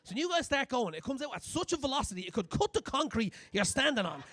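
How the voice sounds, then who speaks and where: A young man doing a crude, animated stand-up comedy set on a club stage, acting out scenes as he goes. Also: extremely high pitch, fast talker.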